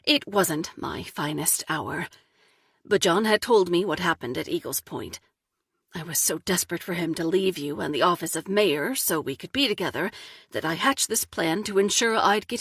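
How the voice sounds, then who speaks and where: A woman's voice: on the low side, moderate pace, fairly bright tone, husky, no echo, clean studio sound. A woman voicing a young man who earnestly confesses his jealousy. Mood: confessional.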